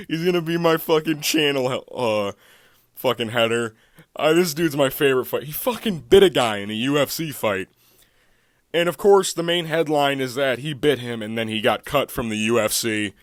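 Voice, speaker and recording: A man giving a casual, profane, excitable recap of mixed martial arts fights, often breaking into laughter. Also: mid-range voice, no echo, clean studio sound. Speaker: MMA fight recap YouTuber.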